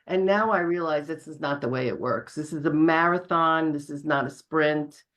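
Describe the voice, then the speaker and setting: A woman's voice: deep voice, normal speed, fairly bright tone. A woman speaking candidly in casual conversation as a client, acting out quoted asides with animation. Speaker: guest client. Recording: slightly dull, muffled sound.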